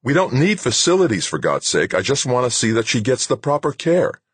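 A man voicing a belligerent young man who speaks forcefully in an audiobook. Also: medium pitch, sing-song, a little fast, slightly rough, no echo, voice pushed up.

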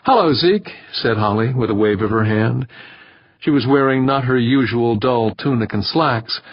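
A man narrating a novel in a steady, even storytelling voice. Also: medium pitch, moderate pace, no echo. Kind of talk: audiobook narration. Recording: dull, dry, slightly muffled recording.

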